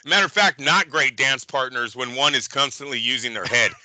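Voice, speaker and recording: A man's voice: medium pitch, brisk, bright, forceful tone, no echo, rough recording. A man co-hosting a boxing podcast, ranting in heated, profane casual chat. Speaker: boxing show co-host.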